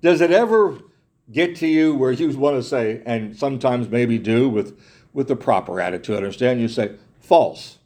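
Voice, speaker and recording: A man's voice: medium pitch, lively intonation, normal speed, darkish tone. A man preaching a sermon in an earnest way, repeating himself, restarting phrases and asking his listeners rhetorical questions.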